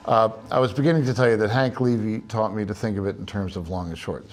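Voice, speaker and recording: Very low-voiced man teaching drums. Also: fairly quick, background noise. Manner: relaxed, chatty, many filler "uh"s. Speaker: drum instructor. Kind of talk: spoken music lesson.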